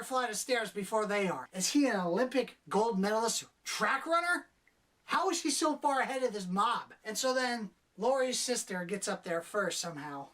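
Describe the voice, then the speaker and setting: Picked up on a distant mic, a young woman with a fairly high, bright voice rants through a casual movie review full of spoilers. Exasperated and profane, she does mocking impressions of the characters.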